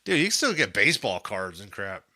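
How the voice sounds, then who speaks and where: Bright-voiced joking man, lively pitch. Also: brisk, no echo. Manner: joking, wisecracking. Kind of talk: casual group chat.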